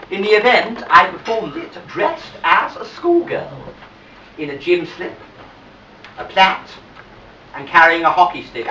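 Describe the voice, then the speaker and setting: A man's voice: fairly high pitch, slight background noise. A man impersonating a gracious, chatty English lady entertainer, confiding stage anecdotes and singing comic songs to piano at a live pub show. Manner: gently confiding patter, then music-hall singing. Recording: roomy live sound from a distance with piano.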